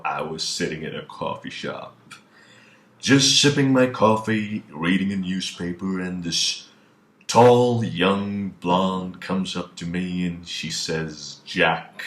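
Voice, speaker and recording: Sly older movie star voiced by a man, very deep, slow, sharp edge, echoey room. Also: exaggerated voice. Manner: slow, sneering, drawn-out delivery.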